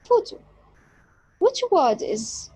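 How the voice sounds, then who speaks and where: A woman teaching an English lesson, speaking deliberately and stressing key words. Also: sits high, sing-song, dark tone, no room sound, rough recording. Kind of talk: slow explanatory lesson.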